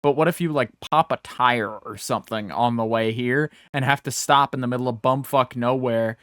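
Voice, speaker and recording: A man's voice: medium pitch, normal speed, no echo, studio quality. A young man co-hosting a podcast, rambling through stories with frequent swearing and bursts of silly voices. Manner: rambling, profane, animated, puts on comic voices. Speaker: podcast co-host. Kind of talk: casual banter, storytelling with silly voices.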